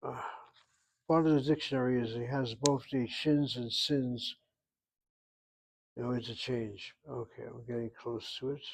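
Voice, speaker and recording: On a low-quality recording, an American Hebrew instructor gives a grammar lesson in a blunt, emphatic lecture style. His medium-pitched voice is gravelly and slightly rough, with fairly even intonation, a somewhat slow pace, and frequent pauses.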